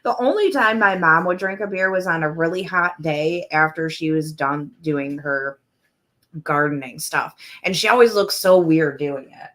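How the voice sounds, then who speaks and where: A woman's voice: sits low, normal speed, a bit bright. A woman co-hosting a podcast in casual chat, telling stories and acting out text messages. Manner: chatty storyteller who acts out texts. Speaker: podcast co-host.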